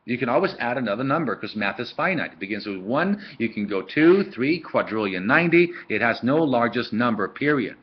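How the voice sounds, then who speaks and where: A man's voice: medium pitch, expressive, brisk, hardly any pauses. A man teaching a philosophy lesson in a casual lecture style, full of fillers and storytelling asides, recorded on a webcam. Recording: dull lo-fi webcam audio.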